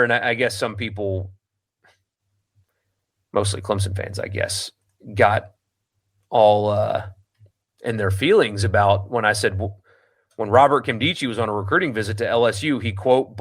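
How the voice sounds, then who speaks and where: A man's voice: mid-range voice, fairly bright tone. A man hosting a sports talk show, reading listener comments aloud and answering them bluntly, with a lot of ums and restarts. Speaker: sports radio host.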